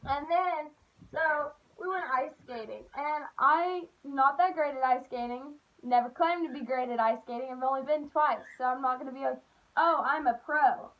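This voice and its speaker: A young woman telling stories in a chatty, animated way, full of "like.". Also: high voice, normal speed, lo-fi sound. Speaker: vlogger. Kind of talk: casual storytime.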